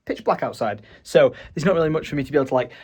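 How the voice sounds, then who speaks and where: A young Northern English vlogger races through playful, casual chat, laughing often. His voice is a little high with a breathy edge.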